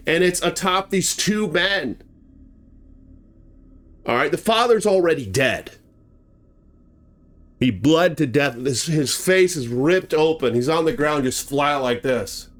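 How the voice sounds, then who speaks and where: A man hosting a horror channel, giving a dramatic retelling of a true bear attack and acting out the action with sound words and shouts. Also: fairly high pitch, lively intonation, a little slow, pauses often.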